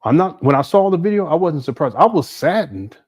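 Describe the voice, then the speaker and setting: A man talking casually on a livestream, breaking into laughter often as he reads viewer messages. His pitch swings widely from low mutters to high exclamations, and the sound is dry and close. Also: big pitch swings, fairly quick, darkish tone, slightly rough, dry recording. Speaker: livestream host.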